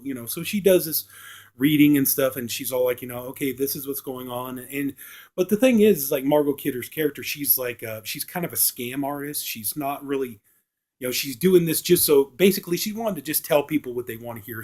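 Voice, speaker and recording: A man's voice: medium pitch, a little mellow. A man giving a casual spoken film review, rambling with lots of fillers and retelling scenes by quoting the characters. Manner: rambling, full of fillers like "you know" and "and stuff".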